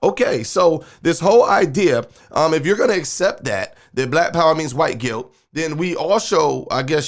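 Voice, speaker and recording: Guy ranting and preaching over a clip he's reacting to, kinda high voice. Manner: preachy and emphatic, uses sports metaphors. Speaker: show host and minister. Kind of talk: commentary on a video clip.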